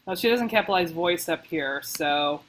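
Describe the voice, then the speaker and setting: Woman editor reading a piece out loud and chatting thru her edits, lowish voice, easygoing. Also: expressive, normal speed, slight background noise, poor audio. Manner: casual, chatty, reads passages aloud then comments with light laughs. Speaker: book editor. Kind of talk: editing a text aloud, thinking out loud.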